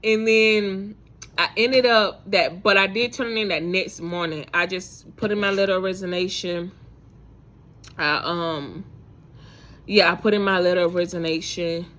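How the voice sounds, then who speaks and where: A woman's voice: lowish voice, fairly even intonation, a little slow, fairly bright tone. A woman vlogger telling a faith story to her viewers in a casual, rambling way, full of fillers and restarts.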